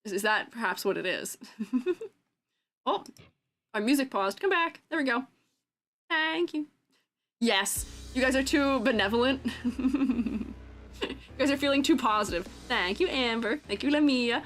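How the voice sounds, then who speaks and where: A woman's voice: measured pace, pauses often. A young woman streaming casually as a character design teacher, chatting with her viewers, giggling often and joking around playfully. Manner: giggly and playful, laughs often, lively swings in pitch. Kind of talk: casual livestream chat reacting to chat. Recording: faint music in the background.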